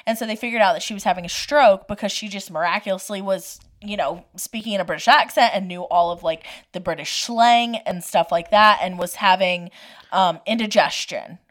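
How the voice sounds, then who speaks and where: A woman's voice: mid-range voice, brisk. A woman co-hosting a podcast in casual chat, telling stories animatedly and laughing easily. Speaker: podcast co-host.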